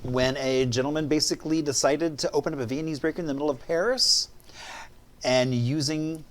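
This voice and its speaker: A man's voice: on the high side, fairly even intonation, fairly quick. A man co-hosting a morning show, chatting playfully and laughing often. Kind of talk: casual chat. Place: TV studio.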